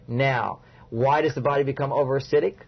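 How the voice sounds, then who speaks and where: Author guy on an interview, raspy, fry in his voice, lectures step by step, muffled old recording. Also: mid-range voice, steady tone, a little fast. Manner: confident, lecturing, builds points step by step. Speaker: author and guest. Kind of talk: interview, explaining advice. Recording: dull lo-fi recording.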